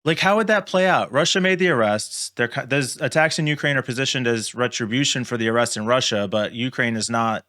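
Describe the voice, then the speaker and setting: A man's voice: mid-range voice, a little fast, hardly any pauses, pushed and bright. A man co-hosting a casual podcast, thinking aloud with hesitations. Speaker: podcast co-host. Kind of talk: casual chat.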